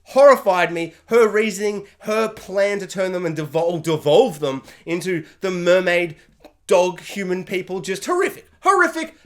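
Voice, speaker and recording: A woman vlogger giving an excited, gushing spoiler review of a TV finale, acting out the characters in mock voices. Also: lowish voice, moderate pace.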